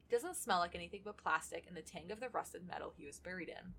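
A woman's voice: fairly low pitch, fast, creaky, a bit bright, breathy edge. A woman co-hosting a podcast, reading fan fiction aloud between chatty, laughing asides and casual swearing. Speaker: podcast co-host.

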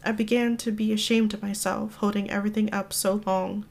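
Woman reading a memoir in an even voice. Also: mid-range voice, brisk, creaky. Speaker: podcast reader. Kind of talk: reading a memoir excerpt aloud.

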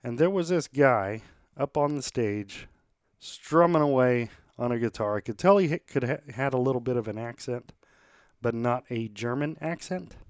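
A man's voice: medium pitch, lively intonation, moderate pace, no room sound, studio quality. A man hosting a podcast, reading sponsor spots and chatting in an upbeat, rallying way. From United States. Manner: upbeat, rallying, plainspoken with fillers. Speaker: podcast host. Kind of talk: sponsor reads and casual interview.

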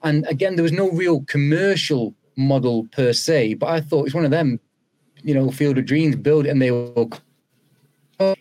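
With a British accent and a voice on the high side, this ex-footballer chats through his story on a podcast at normal speed. He's animated, voicing the dialogue of the people involved.

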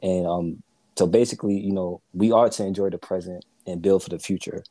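Gentle man co-hosting a faith podcast. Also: sits low, fairly even intonation, brisk, no echo. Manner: affirming, gentle, many fillers. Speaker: co-host.

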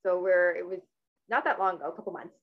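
A woman's voice: fairly low pitch, fast talker, narrow, tinny audio. A woman from Canada interviewing a guest in a casual, earnest, rambling way with many restarts.

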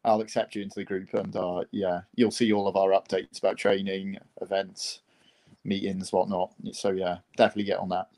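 A man who plays for a club team, a guest on a casual interview, talking in a relaxed and easygoing way. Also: deep voice, a little fast, low-quality recording.

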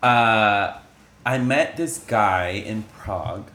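A man's voice: on the low side, very slow, bright, forceful tone, echoey room, a little hiss or hum. A man in his late twenties, a podcast guest, telling a story hesitantly with lots of ums. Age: 20s. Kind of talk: casual chat.

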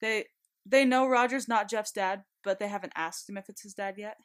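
Woman host asking quick follow-ups. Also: medium pitch, fairly bright tone. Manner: short reactive interjections. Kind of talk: casual podcast chat.

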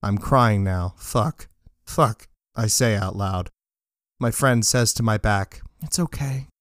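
Low-voiced deadpan man narrating dark fiction. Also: slow pace, smooth, no echo, studio quality. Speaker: story narrator. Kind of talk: scripted first-person narration of dark fiction.

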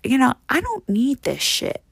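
A woman's voice: high voice, huge pitch swings, unhurried, gravelly, a bit bright, slightly rough, dry recording. A young adult woman in a profane comedic rant, brash and rambling, full of "like" and "you know". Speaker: comedic monologue performer.

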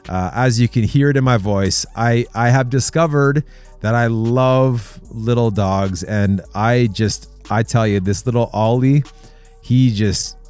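A man's voice: mid-range voice, a little mellow. A man hosting a casual Christian men's talk, telling stories in an earnest, chatty way. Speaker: host.

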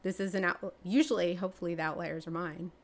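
A woman, answering interview questions in a chatty way, with many fillers and restarts, her pitch jumping up when she gets excited. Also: quick pace. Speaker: real estate agent and team leader.

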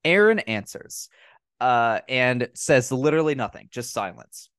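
A man hosting a casual movie review podcast, recapping scenes in a profane, mocking, animated way. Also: mid-range voice, unhurried, smooth, dry recording, studio quality. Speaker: podcast host.

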